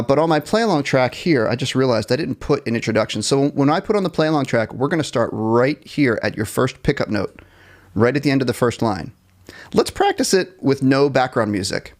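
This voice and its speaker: A man at an everyday middle pitch teaches a jazz band class live over a computer mic. He counts off bars, sings short scat lines and jokes about his own slips. His tone stays relaxed and encouraging. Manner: upbeat and encouraging, counts off and scats melodies; self-deprecating about small mistakes. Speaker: music teacher.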